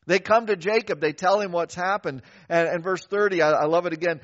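An older man preaching a sermon as a pastor, telling a story in a conversational, animated way and acting out the quoted voices. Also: sits high, moderate pace. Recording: dull lo-fi recording.

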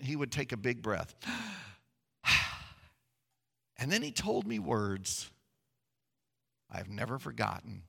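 A man preaching a sermon, telling stories with swings from hushed tones to loud, emphatic passages. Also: mid-range voice, creaky, breathy edge, in a large hall. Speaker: pastor.

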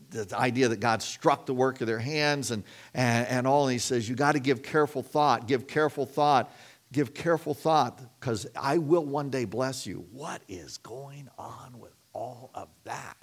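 A middle-aged man preaching a sermon in a conversational way, often repeating and restarting his words. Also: mid-range voice. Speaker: pastor.

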